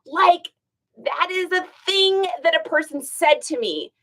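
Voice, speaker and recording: A middle-aged woman hosts a reseller livestream from home, chatting to viewers as she tells a long story and acts out the voices of the people in it. She's chatty and animated, her voice very high-pitched and a little slow, on a low-quality recording.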